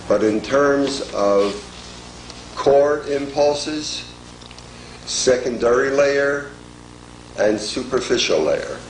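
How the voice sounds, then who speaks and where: An older man delivers a formal lecture at a very unhurried pace, his voice sitting a little low. He measures each phrase and pauses often. The sound is roomy and echoey, with a faint hiss behind it. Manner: measured, deliberate, pausing often. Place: lecture hall.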